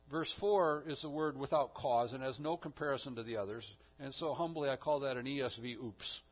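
A man preaching a sermon with emphatic delivery, rising to loud declarations and dropping to hushed low lines. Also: slightly rough, muffled recording. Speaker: pastor.

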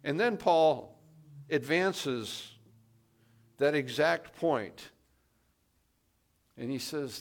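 A man preaching a sermon, slow and deliberate, pressing hard on key words for emphasis. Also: fairly high pitch, animated. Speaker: pastor.

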